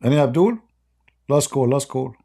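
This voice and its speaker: A man's voice: mid-range voice, expressive, normal speed, gravelly, dark tone, slightly rough. A man whose first language is Arabic, speaking in a rambling, joking and mocking way with broken English. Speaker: online commentator. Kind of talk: casual joking monologue.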